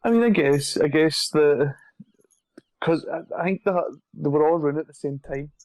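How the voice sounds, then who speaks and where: A man hosting a podcast, with a somewhat high voice that has a gravelly edge. He jokes and teases in relaxed banter, recorded close and dry. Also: normal speed, no room sound, rough recording. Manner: joking, teasing banter. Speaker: podcast host. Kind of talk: casual chat.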